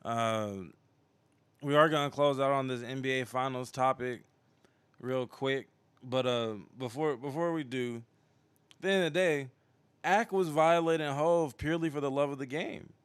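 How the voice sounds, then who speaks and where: A man hosting a livestream show, giving casual commentary in a relaxed, hesitant way with many restarts. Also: medium pitch, normal speed, clear, resonant tone, dry recording.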